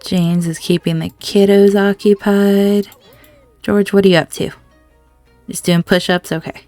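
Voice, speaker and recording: A woman's voice: mid-range voice, steady tone, unhurried, warm tone, dry recording, soft background music. A young woman giving chatty gameplay commentary, playfully scolding the characters in her game. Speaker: gaming video host.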